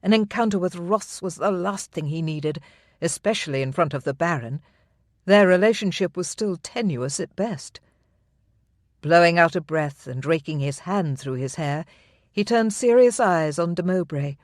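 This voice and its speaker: Audiobook narrator, mid pitch, measured reading, very dry close sound. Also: lively intonation, dry recording. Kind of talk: scripted narration.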